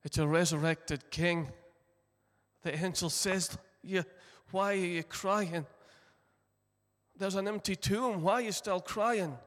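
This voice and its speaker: A man preaching a sermon at a slow, deliberate pace, his fairly high voice ringing out in a large, reverberant hall. He retells a story and acts out its voices, moving between loud, passionate lines and hushed ones.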